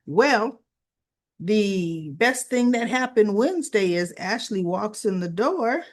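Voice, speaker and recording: Lady doing a soap recap, slow and chatty, animated storytelling. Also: medium pitch. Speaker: soap opera recap host. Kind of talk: casual spoken recap.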